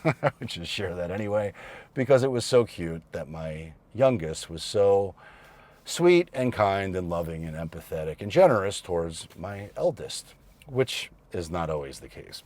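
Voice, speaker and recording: A man in his thirties, a vlogger, telling a family story casually and reflectively, with fillers and pauses. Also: deep voice, darkish tone, slight background noise.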